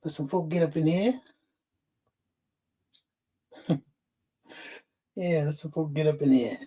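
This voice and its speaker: A man's voice: on the high side, takes it slowly, long pauses, warm tone, breathy edge. A man hosting a casual livestream, greeting chatters by name, laughing often and getting fired up. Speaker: livestream host.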